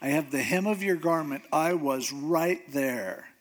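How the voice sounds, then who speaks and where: A man doing an earnest young warrior reasoning calmly. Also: a little high, a little slow. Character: young male warrior-king, calm and loyal.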